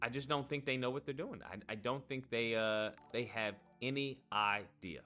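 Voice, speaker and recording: Guy ranting on stream, swears a lot, bright edgy voice, bit of music in the back. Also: medium pitch, moderate pace. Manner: animated, profane, repeats himself for emphasis. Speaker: streamer reading chat comments. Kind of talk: heated casual rant.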